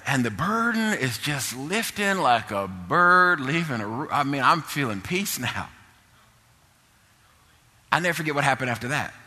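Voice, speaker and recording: Bright-voiced preacher in an echoing hall. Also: male voice. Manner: swings from low murmurs to loud exhortation. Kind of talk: sermon storytelling.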